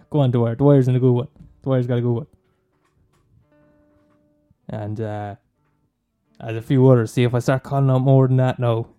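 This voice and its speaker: A man's voice: mid-range voice, fairly even intonation, unhurried, pauses often, smooth, phone-quality sound, faint music behind. An Irish man hosting a podcast, rambling in a casual monologue, swearing, laughing and teasing his listeners. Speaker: podcast host recommending films.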